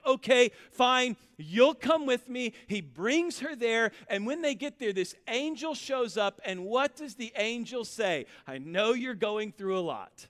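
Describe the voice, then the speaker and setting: High bright-voiced preacher in a reverberant hall. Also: male voice. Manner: conversational storytelling preaching, builds to emphatic repetition. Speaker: pastor. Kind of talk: sermon.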